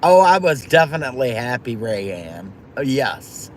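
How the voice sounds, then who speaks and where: A woman's voice: very deep voice, very animated, a little slow, slight background noise. A woman hosting a livestream, chatting affectionately with viewers by name and pet names. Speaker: livestream host. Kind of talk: casual chat with viewers.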